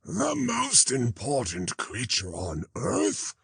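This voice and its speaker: A man's voice: mid-range voice, huge pitch swings, slow, vocal fry, a bit bright, breathy edge, dry recording, pitched above the performer's own voice, full character voice. A man voicing a sullen, envious male fire dog in an audiobook reading, with a growling manner that turns cowed.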